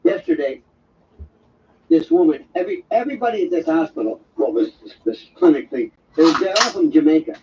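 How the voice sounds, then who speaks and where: A man's voice: fairly high pitch, big pitch swings, a little fast. An older man hosting a live show, delivering a digressive, wisecracking monologue in a sardonic tone. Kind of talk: rambling live-stream monologue. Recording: dull, distant stream audio with faint noise.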